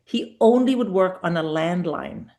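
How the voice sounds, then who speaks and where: Speaking a little slowly with a fairly low pitch, this middle-aged comedian is a guest in a relaxed interview. She tells animated stories and performs the quoted lines.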